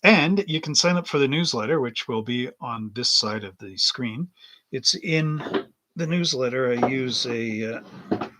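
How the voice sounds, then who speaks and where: A man's voice: medium pitch, a little slow, sharp tone, a little hiss or hum. A man hosting a live stream from his hobby shop, chatting casually and rambling as he reads the chat aloud. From Canada. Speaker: livestream host and hobby shop owner.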